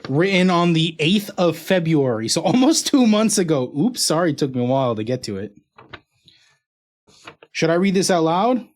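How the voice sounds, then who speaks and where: A man's voice: a little high, sing-song, moderate pace. A male streamer casually chatting with his viewers and his dog while opening fan mail. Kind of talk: casual live-stream chat.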